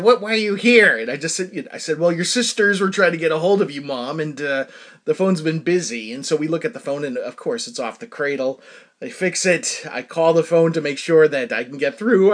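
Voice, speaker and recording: Lively rambling man telling a story. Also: fairly high pitch. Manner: rambling, frequent fillers, bursts of laughter. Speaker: show host. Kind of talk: casual personal storytelling.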